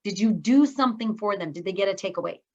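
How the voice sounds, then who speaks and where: A woman's voice: medium pitch, lively intonation, fast talker, a little mellow, lo-fi sound. A middle-aged woman teaching an online speaking course, upbeat and encouraging, talking straight to her students over a video call. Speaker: speaking coach.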